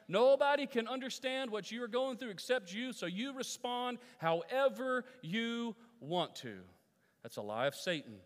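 A male pastor preaching a sermon to his congregation, putting questions to the listeners and repeating his phrases. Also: mid-range voice. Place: church sanctuary. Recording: long reverb of a church hall.

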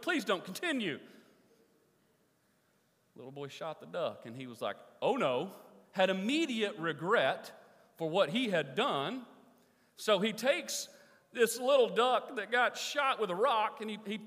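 A man's voice: high voice, a bit bright. A man preaching a sermon, telling a story with energy and asking the congregation questions. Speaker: pastor. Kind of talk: sermon with story and closing prayer. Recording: long reverb of a large hall.

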